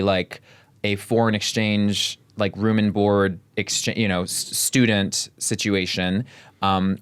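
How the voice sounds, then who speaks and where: Low smooth-voiced man telling stories. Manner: chatty storytelling, fills nearly every phrase with "like"; animated, talks emphatically. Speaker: podcast guest. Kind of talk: casual chat.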